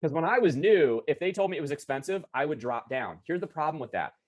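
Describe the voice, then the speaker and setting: A man running a live online sales training over a video call, talking in a chatty, energetic way and correcting himself as he goes. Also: on the high side, fast. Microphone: video call computer mic.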